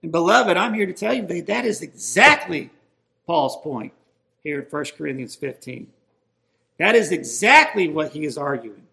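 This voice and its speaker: A man's voice: on the high side, sing-song, normal speed, vocal fry, pushed and bright. A man preaching a sermon, emphatic and building in intensity as he stresses his points.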